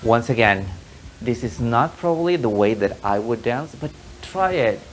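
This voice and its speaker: A man's voice: medium pitch, animated, normal speed, soft background music, poor audio. A man teaching an online tango lesson, patiently explaining and counting the rhythm aloud in a sing-song way.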